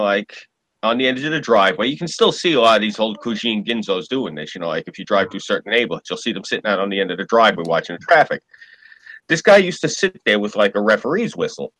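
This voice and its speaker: A man telling a story on a casual podcast, animated and profane. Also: lowish voice, fast, no room sound, low-quality recording. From New York. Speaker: podcast co-host.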